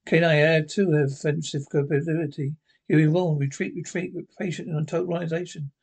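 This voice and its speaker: A man's voice: fairly high pitch, little pitch movement, a little fast, creaky, a little mellow, slightly rough. A man reading as a clipped robot dog. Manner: clipped, repeated commands.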